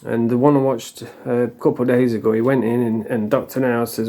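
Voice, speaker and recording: A man's voice: mid-range voice, little pitch movement, fairly quick, dark tone. A middle-aged man from England, talking casually and bluntly to camera, rambling and swearing freely. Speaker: vlogger.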